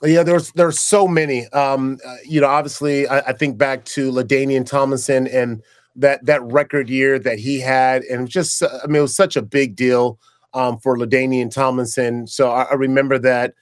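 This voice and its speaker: A man's voice: mid-range voice, normal speed, smooth, no room sound, clean studio sound. A man, a former pro football player turned broadcaster, tells stories in a casual interview and acts out the dialogue he quotes. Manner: animated storyteller who acts out quoted dialogue, with frequent restarts.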